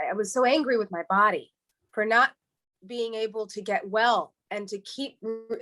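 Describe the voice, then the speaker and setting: A woman from New York, a podcast guest, speaking earnestly in a halting way, with frequent restarts and repeated words. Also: medium pitch, fairly bright tone. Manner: heartfelt and earnest. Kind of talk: emotional interview, candid storytelling.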